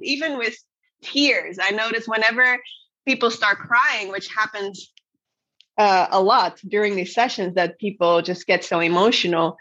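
A woman's voice: medium pitch, normal speed, pushed and bright, muffled recording. A woman guest who teaches voice work, talking earnestly and expressively in an interview, with many fillers and restarts. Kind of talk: conversational interview.

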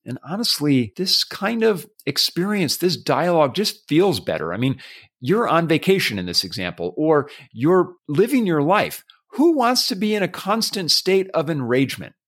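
A man's voice: a little high, a bit bright. A man hosting a solo advice podcast, walking listeners through steps in a coaching tone with spoken examples. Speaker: podcast host.

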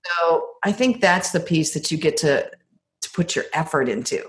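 A middle-aged woman in a casual advice conversation, telling personal stories and acting out quoted lines with lively jumps in pitch. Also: moderate pace. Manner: animated storyteller, acts out quotes with big pitch jumps.

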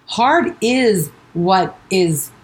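A woman's voice: mid-range voice, animated, extremely slow, rough recording. A woman hosting her own podcast as a coach, talking casually and encouragingly, often quoting her own self-talk and checking in with "right?". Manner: chatty, self-talk quotes, frequent "like" and "right?".

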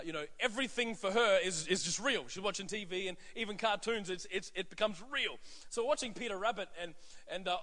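Pastor, thirties, male; bright, easygoing preaching voice with a long reverb. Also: high voice. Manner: conversational, many fillers and asides. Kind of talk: sermon.

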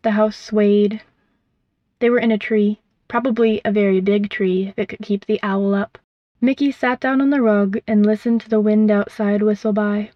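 A woman reading a storybook aloud in a gentle, measured, vivid way, in a dull, dry recording. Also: mid-range voice, little pitch movement, no room sound. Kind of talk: scripted storybook narration.

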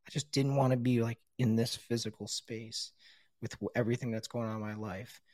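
A middle-aged man tells his own story with blunt honesty, swearing freely and leaning on casual fillers. His voice sits at an ordinary pitch. The recording is dry, with no room sound around him. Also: fairly even intonation, fairly quick, darkish tone, no room sound. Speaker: guest sharing his recovery story. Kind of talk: candid personal storytelling.

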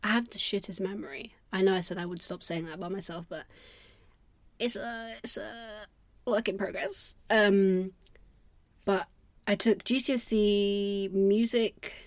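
A woman's voice: medium pitch, steady tone, measured pace, no echo. Young woman, podcast host, casual rambling monologue, self-deprecating and sweary, dead-dry close mic.

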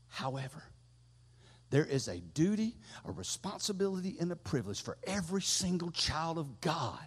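A middle-aged man preaching a sermon as pastor, swelling loud and high, then dropping low. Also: breathy edge. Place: church sanctuary. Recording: long echo from a big hall.

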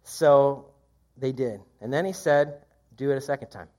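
A man preaching a sermon, reading scripture aloud and commenting in a conversational, lively way. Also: a little slow. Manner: lively, rises in pitch when quoting. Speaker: pastor.

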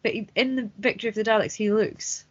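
A woman's voice: medium pitch, fairly even intonation, no echo. A woman hosting a podcast, chatting casually and wryly while watching along. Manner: chatty, quick asides, wry. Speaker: podcast host. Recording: dull lo-fi sound.

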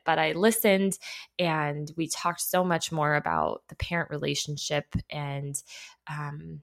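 A woman's voice: low voice, fairly even intonation, a little slow, vocal fry, a bit bright. Chatty, self-deprecating woman behavior analyst. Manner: chatty, self-deprecating, laughs while talking. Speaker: podcast host and behavior analyst. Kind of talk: candid storytelling monologue.

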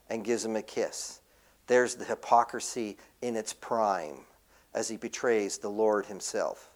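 A man preaching a sermon, asking the congregation questions and answering them himself. He moves from emphatic lines to quiet, low ones. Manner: expository, asks the congregation questions then answers.

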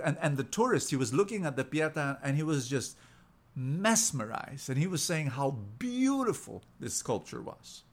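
A man hosting a Christian radio program, telling an inspirational story in an earnest, animated way, with lots of emphatic repetition. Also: mid-range voice. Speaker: radio preacher, host.

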